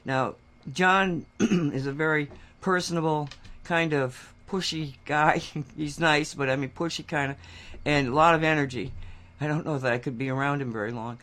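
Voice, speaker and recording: A man co-hosting a talk show, telling a rambling story in casual chat and getting louder and more animated as he goes. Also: moderate pace. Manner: animated, getting louder and higher when worked up; rambling with restarts and acted quotes.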